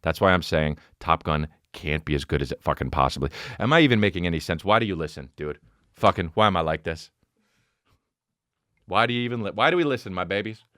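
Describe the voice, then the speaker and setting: A man's voice: sits low, brisk, no room sound, clean studio sound. A man in his forties hosting a solo comedy podcast, rambling and cursing as he tells stories. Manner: profane, rambling, animated storytelling. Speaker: podcast host.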